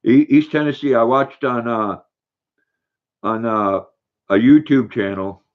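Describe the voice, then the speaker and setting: A man's voice: mid-range voice, a little slow, narrow, tinny audio. An older man hosting a casual livestream, reading viewer comments aloud and cooing baby talk to his dog. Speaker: livestream host.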